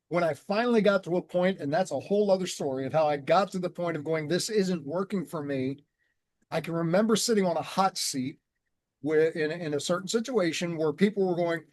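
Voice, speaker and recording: Man, high voice, dry close sound, measured earnest storytelling, conversational guest. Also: a little mellow, dry recording. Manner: measured, earnest, slows down on key words. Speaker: guest, transformation coach.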